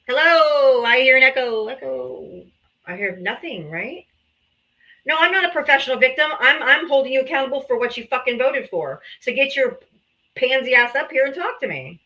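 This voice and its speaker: A woman's voice: sits high, animated, moderate pace, sharp tone, highs cut off. A woman hosting a political livestream, combative and taunting, calling out viewers to come up and talk. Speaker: livestream host.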